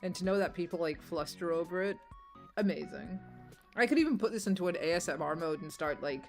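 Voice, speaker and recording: A tired young woman streamer with a low, croaky voice that cracks, rambling and swearing casually between laughs. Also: lively intonation, brisk, a little mellow, faint music behind. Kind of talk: casual gameplay commentary.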